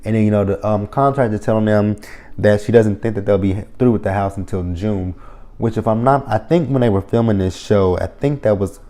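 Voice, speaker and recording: A man's voice: lowish voice, fairly even intonation, fairly quick, warm tone. A man giving a casual, opinionated TV review, blunt and heavily profane, with lots of fillers like "you know" and "um". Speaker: reality TV reviewer. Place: lives near the area the show covers.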